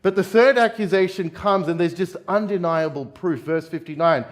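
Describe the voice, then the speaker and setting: Earnest Australian preacher, slightly high-pitched. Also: male voice, moderate pace. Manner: conversational, addresses listeners as guys and friends. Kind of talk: sermon. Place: church.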